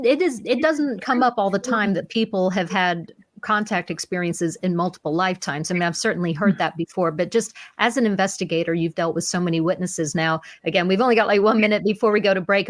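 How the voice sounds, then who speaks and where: A woman hosting an interview, hurrying to get a question in before the break. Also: on the low side. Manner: hurried, pressed for time. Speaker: show host.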